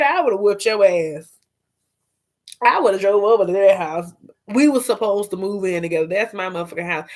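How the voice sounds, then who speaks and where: A woman hosting a casual gossip vlog, animated and profane, laughing and talking straight to her viewers. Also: mid-range voice, normal speed. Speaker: vlog host.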